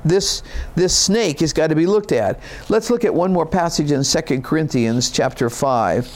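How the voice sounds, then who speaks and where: A pastor delivers a sermon at a moderate pace in a slightly high voice, reading scripture and explaining it in a conversational, folksy manner with casual asides.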